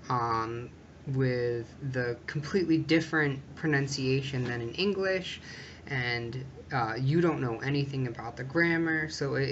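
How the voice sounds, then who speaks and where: Casual video tutor, chatty and explanatory, sharp bright tone. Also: mid-range voice, dull audio, slight background noise. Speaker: language tutorial vlogger.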